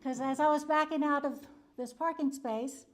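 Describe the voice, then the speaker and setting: A woman's voice: high voice, fairly even intonation, moderate pace, a little hiss or hum. A woman psychologist giving a church wellness talk, telling a personal story conversationally with frequent "um" and "you know" and many chuckles. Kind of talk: conversational presentation with a personal anecdote.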